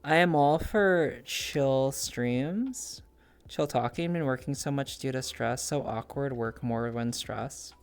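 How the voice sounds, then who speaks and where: A woman streamer chatting casually with her viewers, bubbly, swinging between soft murmurs and high squeals. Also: slow pace. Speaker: live streamer.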